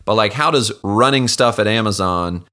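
Bright-toned low male podcast host. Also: a little hiss or hum. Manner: curious, jokey, and quick with playful impressions. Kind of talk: casual interview.

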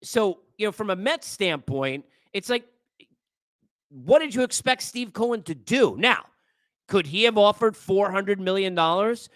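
A sports podcast host rants through his commentary, lecturing listeners with exasperation in a high, sharp, forceful voice that's animated yet unhurried. The recording is dry and close, with no echo or room sound.

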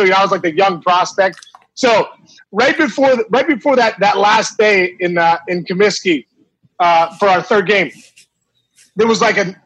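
A middle-aged man with a high, husky voice tells a story casually, full of restarts and laughter. He sounds lively and animated as he goes. The recording is dry and close. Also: dry recording, low-quality recording. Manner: animated, laughing anecdote teller with many restarts. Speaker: former ballplayer guest.

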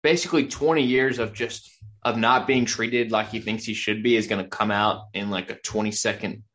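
A man's voice: lowish voice, steady tone, moderate pace, a bit bright. A man co-hosting a casual podcast, making wry jokes with friends. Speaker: podcast co-host. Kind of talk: casual banter.

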